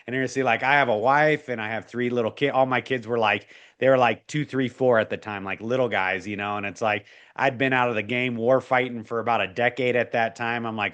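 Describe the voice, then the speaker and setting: A man's voice: mid-range voice, steady tone, a little fast, a bit bright, clear, resonant tone, highs cut off. A man in his forties, a guest in an interview, telling a personal faith story in an earnest, emotional way, full of restarts and fillers.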